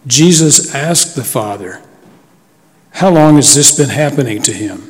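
Man reading scripture real slow and solemn, big church echo. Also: medium pitch, animated. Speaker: scripture reader. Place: church sanctuary. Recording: long church reverb.

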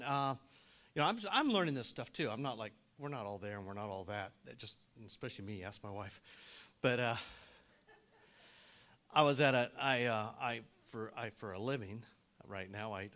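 A middle-aged man giving a sermon-style testimony as a lay speaker, telling his story in an animated way that swings from hushed asides to loud, fervent bursts. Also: on the low side.

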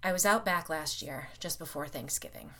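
A woman's voice: low-pitched, normal speed, bright, forceful tone, heavily acted. A woman voicing a shaken, bitter middle-aged man in a storybook reading, with blunt, grim delivery.

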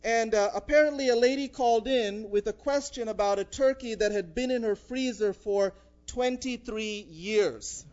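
A man's voice: high-pitched, moderate pace, a little mellow, highs cut off. A man preaching a sermon in a conversational way, with frequent "uh" fillers. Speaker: pastor.

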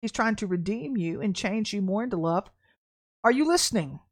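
A woman's voice: medium pitch, lively intonation, normal speed. A middle-aged woman hosting a livestreamed prophetic podcast, talking bluntly and animatedly, laughing at herself and repeating phrases for emphasis.

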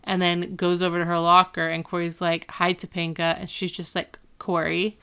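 A woman's voice: lowish voice, flat delivery, normal speed, sharp tone, smooth. A woman chatting casually, recapping a sitcom episode and retelling its scenes with quoted lines and corrections. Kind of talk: casual chat.

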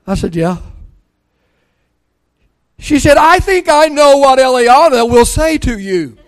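Speaking slowly in a very high-pitched voice, an older man preaches a sermon. This pastor tells family stories and performs the dialogue with growing excitement.

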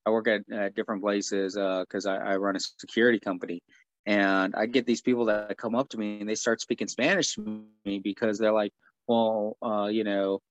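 A man from the United States speaks as an interview guest, his voice low and unhurried. He tells stories in an easygoing way full of fillers. The audio is dull and lo-fi, with a dry, close sound. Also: fairly even intonation, dry recording. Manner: easygoing, filler-heavy storyteller. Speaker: guest, martial artist and stuntman. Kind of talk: casual interview chat.

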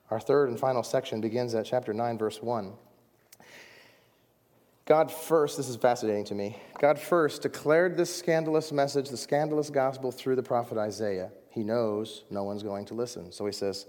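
A man's voice: medium pitch, animated, normal speed. Dramatic preacher man in a reverberant hall. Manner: dramatic preaching, swings from loud to hushed. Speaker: pastor. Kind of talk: sermon. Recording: long reverb of a large hall.

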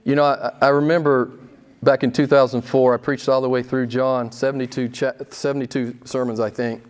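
A man preaches a sermon as pastor, emphatic and full of rhetorical questions, swinging between loud and soft. His mid-range voice holds a level tone and moves fairly quick.

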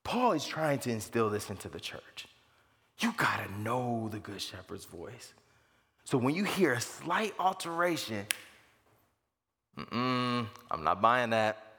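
A man preaching a sermon as pastor, animated and leaping to high excited pitch for emphasis. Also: unhurried. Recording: long reverb of a large hall.

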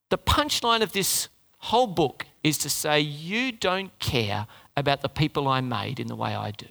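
A man preaching a sermon in an animated, joking manner, asking the audience questions. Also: a little high, moderate pace, vocal fry, in a large hall.

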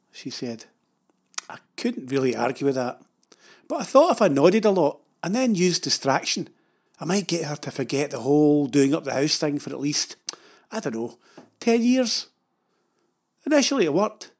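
A Scottish man tells a funny story from his own life in a dry, wry voice, poking fun at himself. His voice sits a little higher than most men's. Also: animated, moderate pace, darkish tone, breathy edge. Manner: dry, wry, self-mocking. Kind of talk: humorous storytelling narration.

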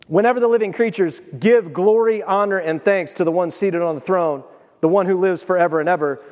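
Excitable midwestern pastor guy preaching, kinda high voice, echoey sanctuary. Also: a little fast. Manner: animated, excitable preaching with sudden swings in loudness. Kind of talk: sermon. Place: church sanctuary. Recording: long reverb of a church hall.

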